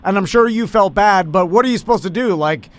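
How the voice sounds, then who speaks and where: A man hosting a radio show, interviewing a caller with animated, laughing chatter. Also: sits high, a little fast. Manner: animated, laughing, devil's advocate. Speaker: radio host.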